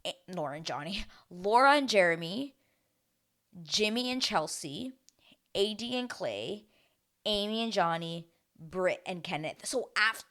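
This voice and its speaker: A woman's voice: mid-range voice, animated, measured pace, a bit bright. A young woman chatting casually as a recap vlogger, gushing and exclamatory.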